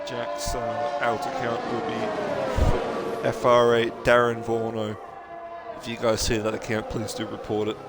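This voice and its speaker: A man's voice: mid-range voice, lively intonation, slow pace, loud music behind the voice. A young man commentating a sim racing stream, chatting casually and joking with viewers and drivers. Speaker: race commentator.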